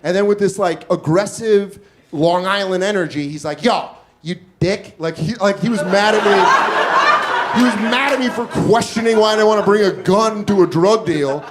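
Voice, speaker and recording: A man's voice: high-pitched, moderate pace. A man in his forties telling a profane, self-deprecating story on a comedy club stage, acting out the voices of others. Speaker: stand-up comedian. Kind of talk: stand-up storytelling. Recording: loud crowd laughter and noise.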